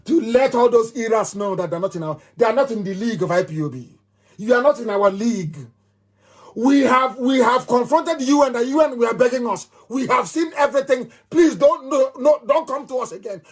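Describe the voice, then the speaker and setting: A man's voice: very high voice, lively intonation, fairly quick, husky. A middle-aged man with a Nigerian accent giving a fiery live radio address, emphatic and repeating phrases like a chant. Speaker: movement leader on radio.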